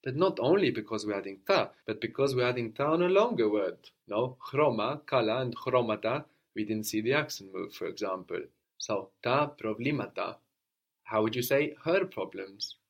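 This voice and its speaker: A man's voice: medium pitch, animated, moderate pace, vocal fry, lo-fi sound. A man teaching a language lesson, explaining points patiently and modeling phrases for a student to repeat.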